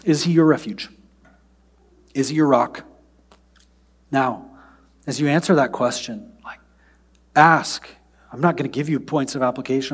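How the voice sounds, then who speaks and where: A man preaching a sermon, moving between loud, emphatic passages and soft, near-whispered prayer. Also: medium pitch, takes it slowly, long pauses, slightly rough. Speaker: pastor.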